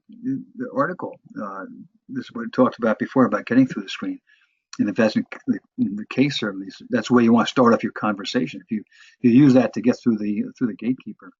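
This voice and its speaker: A sales trainer gives a lecture on phone sales, speaking haltingly with many restarts and fillers. His voice is husky and mid-pitched, and the recording sounds dull and dry with no room sound.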